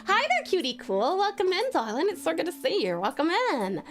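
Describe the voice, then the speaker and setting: Bubbly woman streamer, high lively voice. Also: fairly quick. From Australia. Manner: affectionate, doting, bubbly greetings. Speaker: streamer greeting chat. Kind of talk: casual live-stream chat.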